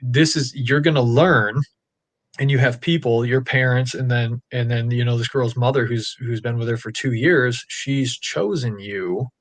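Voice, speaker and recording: A man telling a personal story in a casual chat, rambling and animated, with many fillers. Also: mid-range voice, unhurried, no echo. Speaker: podcast guest dad. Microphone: live stream call.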